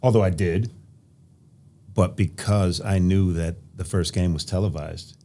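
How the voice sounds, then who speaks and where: A man from Nebraska, a podcast guest, telling stories from his past in an animated way with an occasional laugh. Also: deep voice, unhurried. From Nebraska, USA. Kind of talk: casual interview storytelling.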